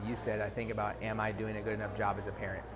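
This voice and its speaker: A man's voice: on the low side, completely flat delivery, very fast, loud music behind the voice. A man giving a keynote talk in a conference hall. He coaches the audience in a casual, direct way and often checks in with "okay?". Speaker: keynote speaker. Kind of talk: motivational keynote with audience exercise. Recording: long hall reverb.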